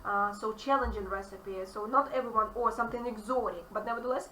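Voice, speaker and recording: A woman English teacher with a Russian accent, explaining grammar to a student in an animated, emphatic way. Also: a little high, brisk, hardly any pauses. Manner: animated, emphatic, repeats key phrases. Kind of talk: online grammar lesson. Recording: echoey room, distant mic, faint noise.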